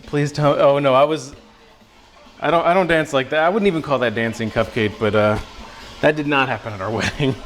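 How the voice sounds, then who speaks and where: A man's voice: medium pitch, brisk, soft background music. A young man hosting a casual cooking livestream, joking and chatting with his viewers as he cooks. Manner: playful, joking, talks to chat viewers.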